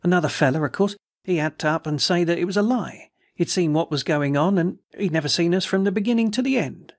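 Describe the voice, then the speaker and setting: A man's voice: high-pitched, animated, fast talker, gravelly, voice pushed up, full character voice. A man voicing an aggrieved young male soldier who grumbles and complains in a storybook reading. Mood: indignant.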